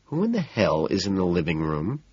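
An irritable young snob, voiced by a male reader, snaps out short, peevish remarks. The voice is low and husky. The recording is dry and a little dull. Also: wildly swooping pitch, moderate pace, no echo, exaggerated voice. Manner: curt, peevish. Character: irritable, snobbish young man. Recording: dull, muffled audiobook recording.

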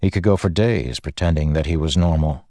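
A man giving measured, scripted narration of a fantasy audiobook. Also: very deep voice, warm tone, dry recording, clean studio sound.

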